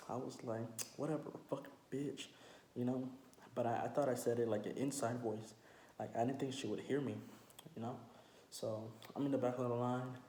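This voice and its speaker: A man's voice: mid-range voice, a little mellow. A young man telling a story casually while eating, slangy and profane, with many fillers. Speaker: mukbang storyteller. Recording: roomy echo, faint background noise.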